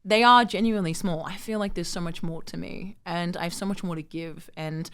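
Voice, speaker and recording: A woman, telling her story as an interview guest in an animated way, acting out quotes and using lots of fillers. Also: lowish voice, brisk, clear, resonant tone. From Sydney, Australia. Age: 20s.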